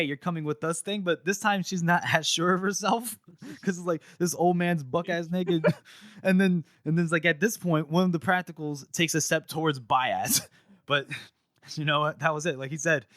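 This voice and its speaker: A young man co-hosting a podcast, retelling a book chapter in casual chat, animated and laughing as he acts out lines. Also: on the high side, moderate pace, no room sound, clean studio sound.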